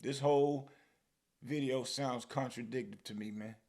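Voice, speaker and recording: A man with a New York accent runs a podcast in an animated, casual way. His voice has a gravelly edge, and he keeps landing his points with "man.". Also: medium pitch, moderate pace. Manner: animated, repeats "man" and "bro". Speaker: podcast host. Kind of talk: casual commentary.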